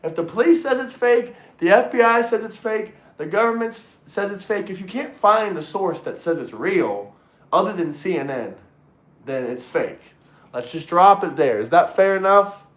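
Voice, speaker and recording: Streamer dude chatting w his viewers, fired up, cusses a lot, pretty high voice, echoey room. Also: moderate pace. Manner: excitable, swears freely, repeats himself. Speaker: livestream host reading chat. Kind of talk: casual livestream chat. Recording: roomy echo.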